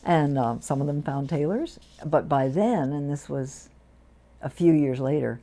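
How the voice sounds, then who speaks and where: A low-pitched, gravelly older woman shares stories from her life as a priest. Her tone is dark and mellow, and she drops into lively voices when she quotes the people she met. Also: a little slow. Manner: warm anecdotal storytelling with lively quoted voices. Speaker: Episcopal priest, interviewee. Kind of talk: storytelling interview. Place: community TV studio.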